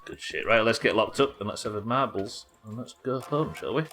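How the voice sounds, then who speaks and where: A man's voice: lowish voice, fairly quick, fairly bright tone. A man hosting a live gaming stream, chatting casually and swearing freely as he jokes with his chat. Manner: chatty and profane, joking with chat. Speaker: gaming livestream host.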